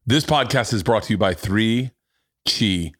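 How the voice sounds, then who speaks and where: A man's voice: fairly low pitch, a little slow, no room sound, clean studio sound. A middle-aged man hosting a podcast who tells stories in a casual, profane way and also reads ads. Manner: animated, profane storytelling. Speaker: podcast host. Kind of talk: casual chat and ad read.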